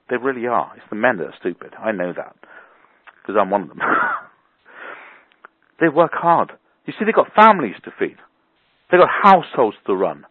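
A man coaching listeners with a blunt, colorful motivational talk. His pitch swings lively up and down, his voice a touch husky. It comes through dry and tinny, as if down a telephone line. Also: no room sound. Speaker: business coach. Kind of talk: motivational talk on a phone call.

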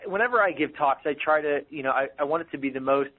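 A man calls in with a question, talking quickly and stumbling over repeated words. His husky voice comes through a thin, tinny phone line. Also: fairly high pitch. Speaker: caller. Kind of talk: asking a question on a call.

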